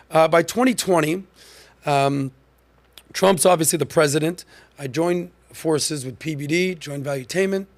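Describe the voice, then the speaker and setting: Man, podcast host, punchy and emphatic, conversational, fairly high voice. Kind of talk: podcast commentary monologue.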